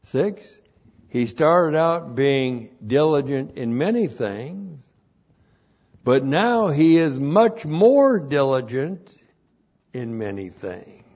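A man's voice: medium pitch, darkish tone. A man teaching a Bible study on Greek words, methodically repeating numbered points and spelling terms letter by letter. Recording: dull lo-fi recording.

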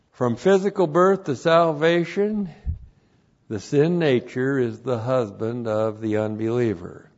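A male pastor teaching a passage word by word, spelling out Greek terms and bursting into loud emphatic phrases. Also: medium pitch, highs cut off. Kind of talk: expository Bible teaching.

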